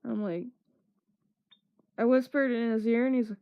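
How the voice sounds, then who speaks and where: Slow-talking woman telling a story. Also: fairly high pitch, steady tone, a little mellow. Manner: acts out quotes with laughs. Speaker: streamer. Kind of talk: casual storytelling. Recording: dull lo-fi stream audio.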